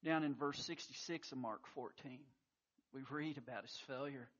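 Bright, emphatic male preacher. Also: medium pitch, normal speed, highs cut off. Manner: emphatic, storytelling delivery with sudden surges of intensity. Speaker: pastor. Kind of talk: sermon.

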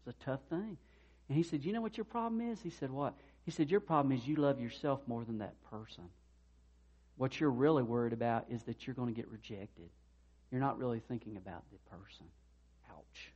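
Speaking at normal speed with a medium, slightly rough voice, a pastor delivers a conversational sermon on lo-fi audio. He animatedly plays the people in the stories he recounts.

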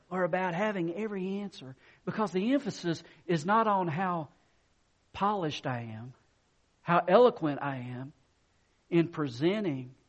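A man's voice: high-pitched, breathy edge, muffled recording. A man preaching a sermon, reading scripture and building to emphatic rising bursts. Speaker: pastor.

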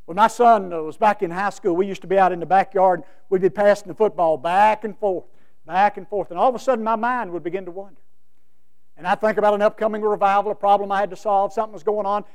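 A middle-aged male preacher giving a sermon, emphatic, with big swings from loud to soft. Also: high voice. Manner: emphatic, with wide swings in loudness.

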